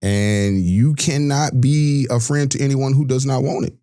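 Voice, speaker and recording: A man's voice: medium pitch, steady tone, unhurried, warm tone. A man, a podcast guest telling his life story in an earnest, reflective way. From Georgia, US. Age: 40s. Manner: earnest, reflective, with many restarts. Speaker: podcast guest, sports broadcaster. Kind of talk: candid personal storytelling.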